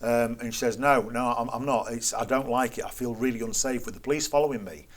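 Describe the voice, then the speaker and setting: A man's voice: medium pitch, fast. Wry man retelling a run-in. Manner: acts out quoted exchanges in an incredulous, wry tone. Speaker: guest. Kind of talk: anecdotal storytelling in conversation.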